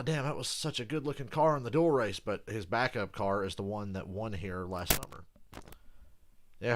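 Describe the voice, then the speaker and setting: A man hosting a casual live reaction stream, rambling in a relaxed way, swearing freely and clearing his throat now and then. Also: lowish voice.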